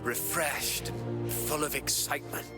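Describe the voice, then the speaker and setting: A man's voice: mid-range voice, steady tone, unhurried, lightly acted. An actor voicing a kindly older male mapmaker in a video game, speaking in a reflective, storytelling manner, with music playing behind him.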